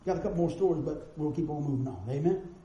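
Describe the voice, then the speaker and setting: A male preacher delivering a storytelling sermon, animated and acting out the people in his stories, in a church sanctuary. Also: fairly high pitch, quick pace, highs cut off. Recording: roomy echoing sound with faint noise.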